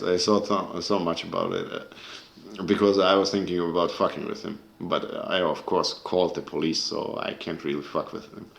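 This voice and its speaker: Deep-voiced man ranting angrily, echoey room. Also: moderate pace, creaky, fairly bright tone. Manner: angry, profane, searching for words. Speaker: video creator. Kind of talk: casual rant to camera.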